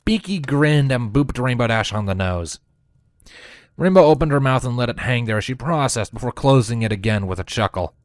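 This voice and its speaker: A man narrating a fan fiction audiobook in a steady storytelling manner. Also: mid-range voice, moderate pace, dry recording, clean studio sound.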